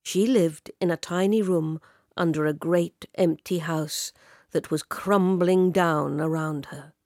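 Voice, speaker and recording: A woman telling a story in a measured way, dropping to a whisper at tense moments, close to the mic. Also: lowish voice, darkish tone, no echo. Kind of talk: storytelling narration.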